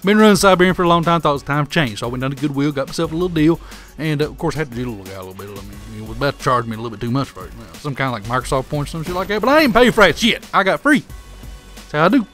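A man's voice: a little high, lively intonation, racing, fairly bright tone, soft background music. A man with a Southern hillbilly drawl giving crude, trash-talking commentary over his own shooter gameplay. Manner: brash trash-talking hillbilly persona, crude insults at opponents. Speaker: gaming commentator.

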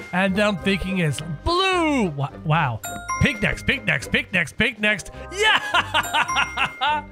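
Lively high-voiced gaming commentator. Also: male voice. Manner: playful, sarcastic, exclaiming. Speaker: gaming video host. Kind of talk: let's-play commentary.

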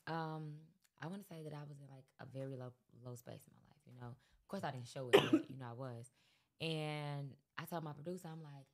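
A woman's voice: extremely low pitch, brisk. A woman guest on a podcast, talking casually and rambling with lots of fillers. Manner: relaxed, rambling with many fillers. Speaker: guest rapper. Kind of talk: casual interview chat.

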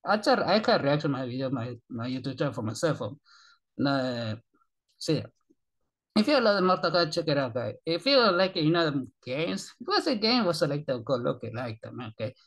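Excitable man in broken English. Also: a little high, moderate pace. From Argentina. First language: Spanish. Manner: excitable, rambling broken English, frequent swearing. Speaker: YouTube reaction channel host. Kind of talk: casual reaction commentary.

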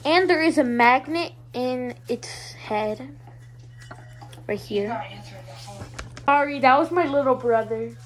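A woman's voice: high voice, takes it slowly, pauses often, low-quality recording. A female vlogger showing her toy collection in a hyper, giggly, rambling way. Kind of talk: casual show-and-tell vlog.

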